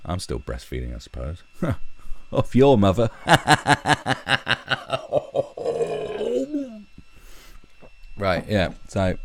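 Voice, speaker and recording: Sarcastic man, very deep voice. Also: wildly swooping pitch, takes it slowly, creaky, pauses often. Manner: sarcastic, profane, mocking asides, bursts into shouted impressions. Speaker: livestream host. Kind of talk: ranting commentary on a news story.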